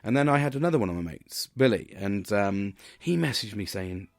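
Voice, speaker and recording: A man's voice: fairly low pitch, lively intonation, fairly quick, gravelly, dry recording, clean studio sound. A British man hosting a podcast alone, chatting casually in a rambling, sweary way with lots of restarts. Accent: British English. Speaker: podcast host. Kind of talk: casual solo monologue.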